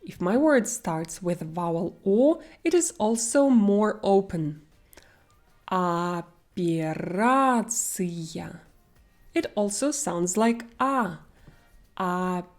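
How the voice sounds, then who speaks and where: A woman's voice: medium pitch, animated, takes it slowly, few pauses, warm tone, faint music behind. A young woman with a Russian accent teaching pronunciation in an online lesson, speaking carefully and stretching out example words.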